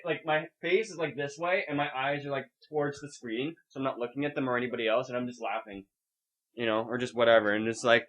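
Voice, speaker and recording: A man's voice: mid-range voice, fast. A young man co-hosting a podcast, rambling and swearing as he tells a story in casual chat. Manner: rambling, animated, swears a lot, acts out scenes. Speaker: podcast co-host.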